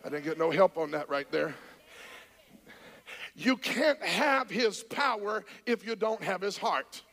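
A man preaching a charismatic sermon, shouting and calling on the congregation to answer back. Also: sits high, animated, measured pace. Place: church sanctuary. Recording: church hall with long reverb.

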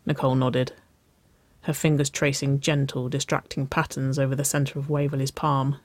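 A narrator reading a romance story aloud in a soft, unhurried way. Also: medium pitch, level tone, no room sound.

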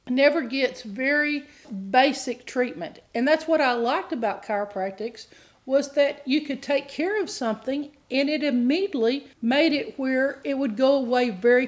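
Middle-aged female minister, somewhat high-pitched, earnest sermon delivery that builds to fervent appeals. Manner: earnest, rises to impassioned pleading. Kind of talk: teaching sermon.

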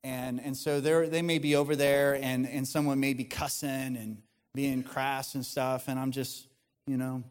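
Earnest pastor preaching in a reverberant hall. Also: male voice, medium pitch, level tone, a little slow, smooth. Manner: earnest, conversational preaching with frequent restarts. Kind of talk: sermon.

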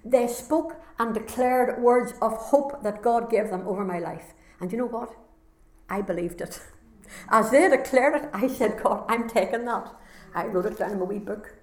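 A woman's voice: fairly high pitch, lively intonation, moderate pace. A woman with a Northern Irish accent giving an earnest, heartfelt personal testimony as a conference speaker. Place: conference hall. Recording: echoey hall sound.

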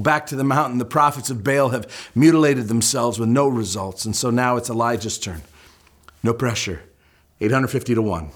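A male pastor preaching a sermon, telling the story with lively humor and pointed asides. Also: medium pitch.

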